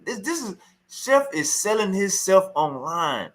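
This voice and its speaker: A man's voice: high voice, sing-song, a little slow, fairly bright tone. A man reacting to a clip in heated, scornful casual commentary, repeating himself as he rants. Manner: heated, scornful, repetitive ranting.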